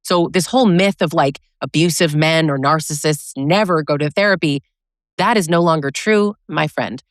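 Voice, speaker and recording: A woman relationship coach speaks straight to camera, handing out blunt, sarcastic advice and acting out quoted lines as she goes. Her voice is low and moves at normal speed, with a dry, clean studio sound.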